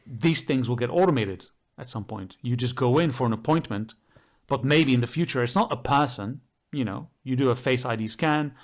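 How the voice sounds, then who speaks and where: A man's voice: medium pitch, normal speed. Enthusiastic man explaining on a podcast. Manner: enthusiastic, explaining at length with fillers. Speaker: podcast co-host. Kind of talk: casual podcast chat.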